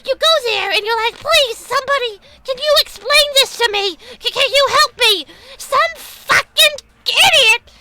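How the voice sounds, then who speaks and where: A woman voicing a whiny, pedantic online commenter in a squeaky, tight-jawed baby voice for a comedic rant. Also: unhurried, hardly any pauses, sharp tone, faint music behind, exaggerated voice. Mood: mocking.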